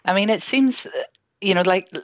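A woman's voice: mid-range voice, normal speed, no room sound, studio quality. A woman from Scotland with a mild Glaswegian accent, speaking as a professor in a radio interview, hesitant with many restarts. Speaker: linguistics professor guest.

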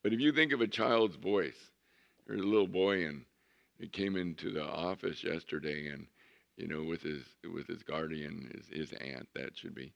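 A man's voice: sits low, vocal fry, lo-fi sound. A man preaching a sermon as pastor, telling stories conversationally and stretching out words for emphasis. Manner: conversational storytelling, drawn-out emphasis.

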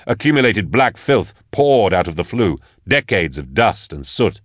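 A man reads a tense story in a measured, dramatic way. His voice is fairly low but moves a lot in pitch. The sound is close and dry, with no room. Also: very animated, no room sound. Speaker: audiobook narrator. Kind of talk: scripted narration.

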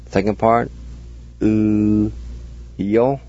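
Slow, patient man teaching spelling. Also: on the low side, fairly even intonation, darkish tone, lo-fi sound. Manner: patient, spells letter by letter and repeats words. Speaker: radio language teacher. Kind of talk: slow spelling and pronunciation lesson.

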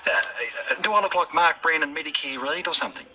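An actor playing a brash, menacing Australian standover criminal in a film scene, sneering and swearing casually. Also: male voice, a little high, fast, sharp tone, poor audio. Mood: mocking.

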